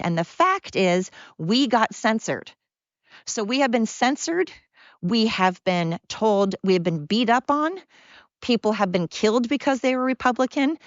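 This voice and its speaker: A woman's voice: medium pitch, no room sound. A woman hosting her own show, delivering an angry, sarcastic solo rant with lots of emphatic repetition. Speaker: podcast host. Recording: dull lo-fi sound.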